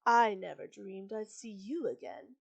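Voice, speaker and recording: A woman's voice: mid-range voice, expressive, a little slow, gravelly, breathy edge, highs cut off, heavily acted. A woman voicing a sardonic, bitter witch back from hell in a storybook reading.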